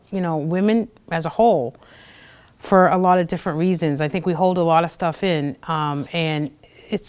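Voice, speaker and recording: A woman in her thirties shares personal stories as host of a small local show. Her voice is smooth and clear, and she talks casually with plenty of "you know" and "like." She often acts out what others said. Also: on the low side. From United States. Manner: chatty, fillers and acted-out quotes. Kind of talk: personal storytelling talk.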